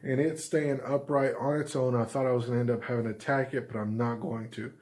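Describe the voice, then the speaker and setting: A man's voice: medium pitch, steady tone, fairly quick, darkish tone. A man from Oklahoma with the hiccups, rambling through a casual how-to vlog inside a small unfinished house at night. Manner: rambling, lots of fillers and restarts. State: has the hiccups. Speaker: vlogger.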